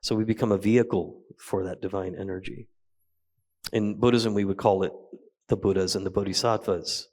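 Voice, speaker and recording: A man teaching a meditation practice at a retreat, talking slowly and gently with soft pauses. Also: fairly low pitch, steady tone. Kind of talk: guided meditation talk. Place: retreat hall.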